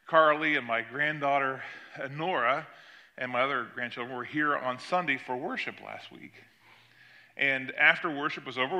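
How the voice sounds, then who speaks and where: An older man, a pastor, preaching a sermon and telling a story about his granddaughter. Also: bright, forceful tone. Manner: storytelling, acts out quoted voices with rising pitch.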